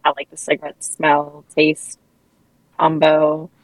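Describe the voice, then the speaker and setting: A woman's voice: sits low, completely flat delivery, takes it slowly, no echo, rough recording. A woman co-hosting a casual podcast, talking candidly and rambling with lots of filler words. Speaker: podcast co-host.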